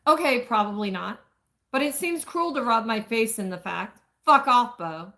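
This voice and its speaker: A woman's voice: on the high side, expressive, normal speed, a bit bright. A woman voicing a hurt, defiant young woman from a romance novel, snapping and tearful.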